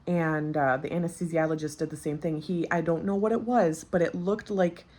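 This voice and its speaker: A woman's voice: sits low, steady tone, normal speed, a little mellow. A woman in her thirties telling a personal story as a vlogger, candid and chatty, with many fillers, recently postpartum. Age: 30s. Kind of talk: casual storytelling.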